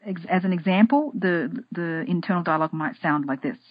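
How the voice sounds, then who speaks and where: A slightly low, husky woman talking as a podcast guest, animated, often restarting and repeating her words. The sound is dry and a bit dull, like a lo-fi close mic. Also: a little fast, no echo. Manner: animated, acts out her inner voices in a higher tone. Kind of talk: casual interview talk.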